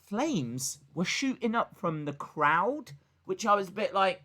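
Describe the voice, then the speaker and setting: A man with a bright, forceful voice chats loosely on a live stream, full of fillers and restarts. He jokes with his viewers and talks back to his voice assistant. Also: sits high, big pitch swings, measured pace. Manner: rambling and chatty, with many fillers and restarts. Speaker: live-stream host reacting to wrestling and reading chat. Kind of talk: casual live-stream chat.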